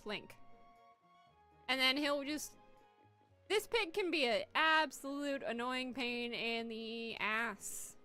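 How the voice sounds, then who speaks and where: A woman's voice: fairly high pitch, bright, forceful tone. A woman giving casual, chatty let's-play commentary, swearing and poking fun at herself. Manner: chatty, swearing, self-mocking. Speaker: gaming streamer.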